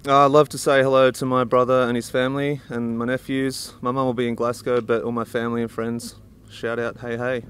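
A man's voice: mid-range voice, level tone, brisk, fairly bright tone, smooth. Laid-back male athlete. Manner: laid-back and easygoing, laughs readily. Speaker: athlete guest. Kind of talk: casual interview answers.

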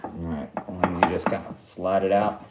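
A woman's voice: a bass voice, flat delivery, moderate pace, echoey room, very noisy. A woman hosting a casual home cooking vlog in a kitchen, playful and teasing, laughing often while giving step-by-step instructions. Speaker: vlog host cooking with a child.

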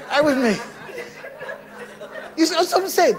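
A man preaching a sermon, animated and bursting into shouts. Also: very high-pitched, moderate pace, long pauses, over music. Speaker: pastor.

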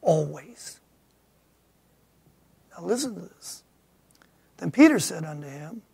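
Pastor preaching in church, high voice, drags his words slow, swings loud to hushed. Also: very animated, vocal fry, slightly rough, no echo. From United States. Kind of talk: sermon. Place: church sanctuary.

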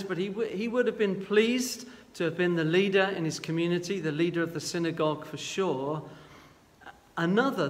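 An earnest male preacher with a slightly high voice, retelling a Bible story gently and with frequent restarts. A long reverb tail follows his words, as in a large hall. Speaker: guest preacher.

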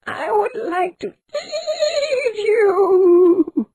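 A woman voicing a hungry horse with a shrill, drawn-out neighing shout. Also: big pitch swings, full character voice. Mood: greedy. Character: huge shrieking hungry horse.

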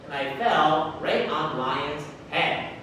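A woman's voice: sits low, a bit bright, a little hiss or hum, voice pushed down. A woman voicing an upset little male monkey in a storybook read to children. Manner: storybook reading, slow and raised. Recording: echoey room, mic far off, faint music.

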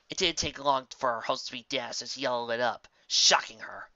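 A woman narrating a storybook tale in a steady, plain reading voice, in a slightly muffled lo-fi recording. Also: rumbling low, moderate pace, hardly any pauses, dry recording. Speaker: fan fiction reader.

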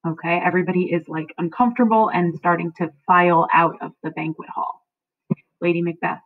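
A woman's voice: on the low side, fairly even intonation, a little fast, dry recording. A woman teacher explaining a play to her students, checking in often with a questioning "okay?". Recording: dry, tinny phone-like sound.

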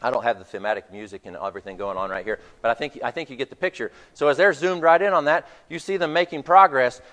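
A man's voice: mid-range voice, quick pace, a bit bright. Male preacher with a long hall echo. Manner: storytelling, retelling a film scene. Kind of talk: sermon. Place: church hall.

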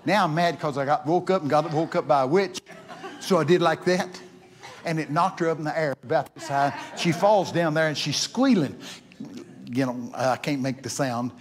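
A man preaching in a church, telling stories in a folksy, repetitive way that climbs into excited exclamations. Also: on the high side, normal speed. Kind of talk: sermon with storytelling.

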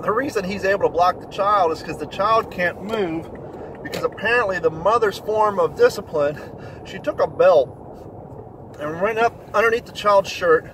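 A man telling a story in a blunt, profane rant, getting louder when indignant. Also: sits high, moderate pace, a little hiss or hum, poor audio. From Kentucky, USA. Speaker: vlogger. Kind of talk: ranting storytelling monologue.

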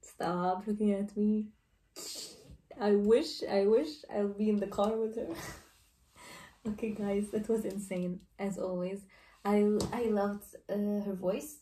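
A woman's voice: mid-range voice, steady tone, a little slow, dark tone, far from the mic, slight background noise. A woman hosting a casual music video reaction, talking in gushing exclamations with loose, informal phrasing. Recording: echoey room, voice off-mic.

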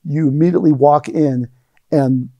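A man's voice: on the high side, normal speed, no echo, muffled recording. A middle-aged man telling stories in a casual interview, acting out the lines he quotes. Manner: rambling anecdotes, acts out quoted lines. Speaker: interview guest, aikido teacher.

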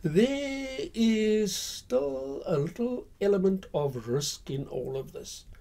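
A man's voice: high-pitched, big pitch swings, slow pace, warm tone. A man hosting a history channel, telling the story in a casual, conversational way with frequent fillers.

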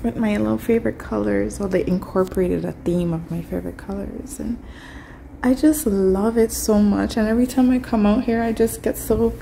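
Young woman vlogger, low gravelly voice, chatty and emotional, phone-recorded with faint noise. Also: fairly even intonation, moderate pace, dark tone. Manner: chatty and emotional, addresses viewers as y'all. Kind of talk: casual vlog talk to camera. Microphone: phone camera.

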